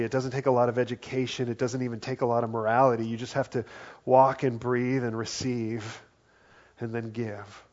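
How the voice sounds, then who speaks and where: A man preaching a sermon as pastor, earnest, dropping to a hushed voice for quoted lines. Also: mid-range voice, muffled recording. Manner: earnest, drops to soft quiet tones for quoted words.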